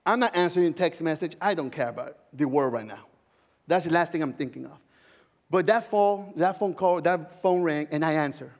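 A male pastor preaching a sermon, telling a personal story in a heartfelt way with soft laughs. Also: on the high side, moderate pace, long reverb tail.

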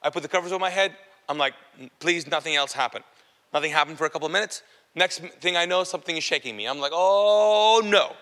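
Male minister, bright forceful voice, hushed storytelling testimony in a large church hall with long reverb. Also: rapid-fire. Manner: storytelling, often dropping to a low hushed voice. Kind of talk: sermon testimony.

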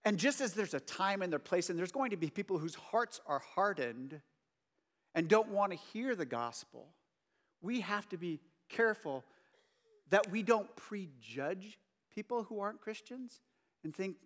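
A man's voice: sits high, expressive, measured pace. A man preaching a casual, conversational sermon, full of joking asides to his listeners. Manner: joking, chatty asides to the audience.

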